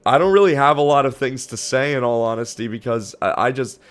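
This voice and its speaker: A man streaming, giving excited reaction commentary with loud gushing outbursts. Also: mid-range voice, fairly quick.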